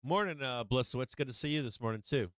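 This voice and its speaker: Smooth-voiced man chatting on a live stream. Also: mid-range voice, fast talker, fairly bright tone, no room sound. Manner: rambling, chatty, greets viewers by name with frequent "uh"s. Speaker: live-stream market show host. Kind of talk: casual live-stream chat. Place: home.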